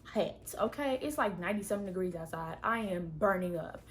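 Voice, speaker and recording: A young woman vlogger telling a story to camera in an animated, dramatic, exclamatory way. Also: lowish voice, brisk, soft background music.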